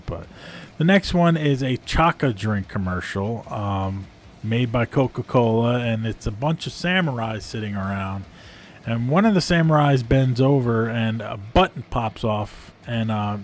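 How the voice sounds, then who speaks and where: A man's voice: mid-range voice, a little hiss or hum. A man giving a casual, rambling review of video clips, amused and full of fillers. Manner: amused, rambling, frequent ums and uhs.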